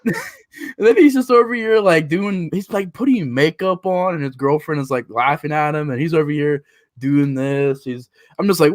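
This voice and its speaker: Animated man acting out movie scenes. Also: moderate pace, dry recording, studio quality. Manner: animated, acts out scenes in jumpy higher voices. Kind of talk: casual movie review chat.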